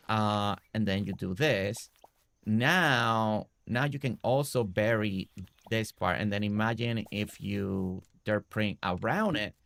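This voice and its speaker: A man with a gravelly, creaky voice at a middle pitch talks through a game build in a relaxed tutorial way. He walks the listener through each step, tagging his points with "right?", and sounds close and dry with no room echo. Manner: explains step by step, often adding "right?". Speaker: game streamer. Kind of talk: casual building tutorial commentary.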